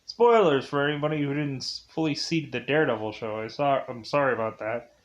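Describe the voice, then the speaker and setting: A man with a mid-range voice gives a brisk, casual movie review. He rambles and digresses constantly, leaning heavily on fillers like "like" and "uh."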